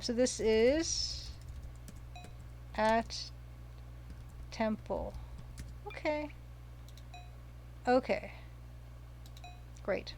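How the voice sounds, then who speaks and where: A woman's voice: on the high side, creaky, a little mellow, a little hiss or hum. A woman casually commenting while streaming a retro game, chatting, reading viewer comments aloud and gushing over the pixel art.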